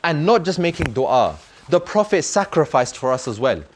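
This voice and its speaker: A man's voice: a little high, big pitch swings, moderate pace, a little hiss or hum. A man telling a story to children in an earnest, emphatic way, repeating words for effect.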